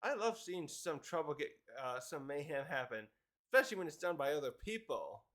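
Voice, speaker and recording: A man voicing an eccentric old man who loves watching mayhem, in a relaxed drawl. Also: fairly high pitch, fairly quick. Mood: amused.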